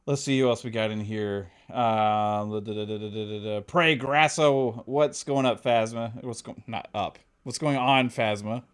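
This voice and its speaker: A man hosting a casual podcast, joking around, laughing often and reading out shout-outs to the chat. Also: fairly low pitch, a little slow, hardly any pauses, clear, resonant tone. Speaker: podcast host.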